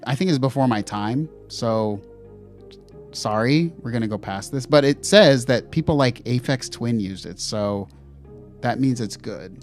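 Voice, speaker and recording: A man's voice: medium pitch, measured pace, soft background music. A man co-hosting a gear podcast livestream in a casual chat, rambling with lots of fillers and self-deprecating asides. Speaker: podcast co-host.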